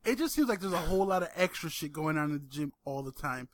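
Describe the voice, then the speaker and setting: A man's voice: fairly high pitch, lively intonation, quick pace, dry recording. A man co-hosting a podcast, complaining in an exasperated way and repeating himself in casual chat. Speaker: podcast co-host.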